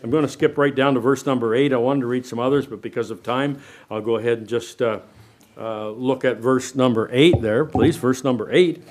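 An older man preaching a sermon to a church congregation, animated, asking the room questions and swinging between loud and quiet. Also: mid-range voice, a little fast. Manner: animated preaching, asks the room questions, varies loudness a lot. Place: church sanctuary.

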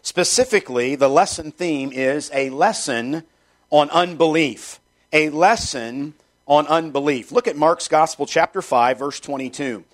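A man's voice: on the high side, a little slow. A man preaching a sermon, reading scripture aloud and fervently repeating short refrains. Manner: reads scripture in old-fashioned wording. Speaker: pastor.

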